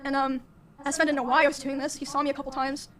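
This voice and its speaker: Soft-spoken young woman with a high voice. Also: level tone, slight background noise. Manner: soft-spoken, halting, many fillers. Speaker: streamer. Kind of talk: recounting a personal story.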